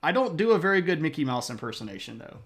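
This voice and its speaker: A man's voice: fairly high pitch, big pitch swings, fast talker, a bit bright. A man streaming live, chatting casually with viewers in a playful, self-mocking way. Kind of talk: casual chat reading viewer comments.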